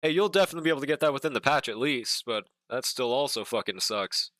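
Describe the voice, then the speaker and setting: A man's voice: mid-range voice, expressive, fast talker, fairly bright tone, no echo. A man streaming live, chatting casually while he draws, joking and cursing, humming to himself between remarks. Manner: joking, profane, hums to himself.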